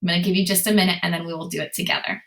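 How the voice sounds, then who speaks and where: A woman's voice: on the low side, level tone, racing, fairly bright tone. Encouraging woman teaching phonics to children. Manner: encouraging, sing-song, asks questions and answers them. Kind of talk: recorded phonics lesson for young children. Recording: echoey room.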